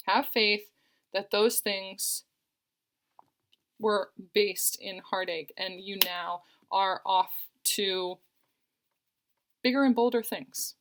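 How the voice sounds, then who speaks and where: Gravelly-voiced woman giving an earnest tarot reading. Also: mid-range voice, takes it slowly, a bit bright. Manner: earnest and reassuring, with repeated phrases. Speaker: tarot reader.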